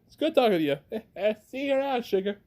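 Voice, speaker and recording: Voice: mid-range voice, expressive, fast, darkish tone, pitched above the performer's own voice, natural voice. A fan narrator voicing a friendly young southern woman mutant, attempting an American Southern accent. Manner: playful, self-mocking.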